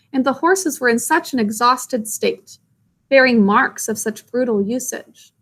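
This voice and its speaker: A woman reads a storybook aloud to children, stopping to ask them gentle questions and explain words. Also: high voice. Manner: gentle questions to young listeners.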